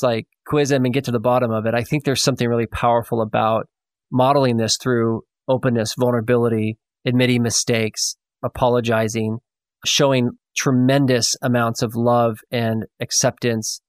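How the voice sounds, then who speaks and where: Man, podcast host, reflective, affirming, mid-pitched, dry close sound. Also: fairly even intonation, a little fast, clean tone, no echo. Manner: reflective, affirming, many fillers. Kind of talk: podcast interview.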